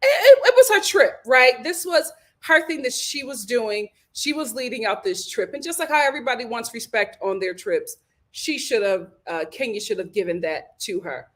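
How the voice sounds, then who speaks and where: A young woman hosting a casual live review chat, animated and laughing, acting out quotes. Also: fairly high pitch, normal speed. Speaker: host of a reality TV review show.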